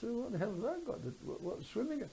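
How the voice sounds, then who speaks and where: A woman's voice: on the high side, sing-song, fast talker, creaky, warm tone, a little hiss or hum, low-quality recording. An older woman telling rambling stories in an oral history interview. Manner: rambling anecdotal storytelling. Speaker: interviewee, former swimming teacher.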